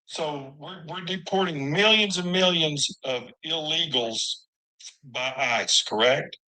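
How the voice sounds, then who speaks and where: A man questioning a guest on a heated online debate panel, pressing and halting. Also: on the high side, sharp tone, low-quality recording.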